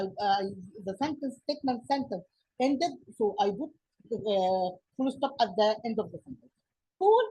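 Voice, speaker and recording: An Egyptian woman teaching an English grammar lesson in a halting way, with many fillers and restarts, her first language Arabic. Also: a little high, a little mellow, breathy edge, rough recording.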